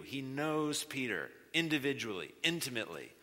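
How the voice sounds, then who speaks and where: A man's voice: medium pitch, lively intonation, measured pace, bright, forceful tone. A man preaching a sermon as a guest speaker, earnest and emphatic, repeating key phrases and shifting his pace. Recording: long reverb of a large hall.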